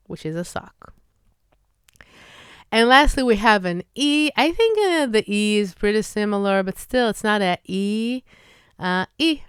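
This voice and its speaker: A woman with an Israeli accent, a Hebrew teacher, slowly demonstrating vowel sounds in a pronunciation lesson. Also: mid-range voice, clean tone, dry recording, clean studio sound. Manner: slow, demonstrative, drawn-out vowel drills.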